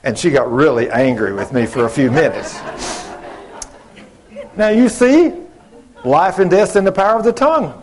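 A middle-aged preacher man spins a folksy story from the pulpit, voicing everyone in it himself. His voice sits a touch high for a man. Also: animated, moderate pace, long pauses, a little mellow. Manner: folksy storytelling, acting out both sides of conversations. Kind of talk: sermon with told stories.

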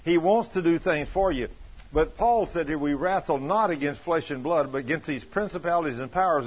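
An older man preaches in a loose, folksy way. He swings from quiet storytelling to loud emphatic lines. His husky voice sits a bit high and comes through a dull, lo-fi recording. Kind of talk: sermon with personal storytelling. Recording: dull lo-fi sound.

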